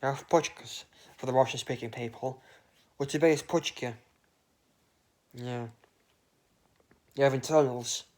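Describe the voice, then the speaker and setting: A man's voice: mid-range voice, fairly even intonation, normal speed, long pauses, darkish tone. A man talks in a loose, meandering monologue with a mid-range voice. His train of thought wanders into absurd tangents, and swearing slips in offhandedly. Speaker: vlogger. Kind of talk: rambling comic monologue.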